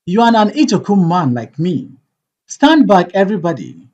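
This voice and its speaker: A reader voicing an indignant king, husky. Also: medium pitch, big pitch swings, normal speed, darkish tone, highs cut off. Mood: angry. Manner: commanding, indignant. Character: proud hot-tempered male king demanding the truth. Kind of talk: audiobook play reading.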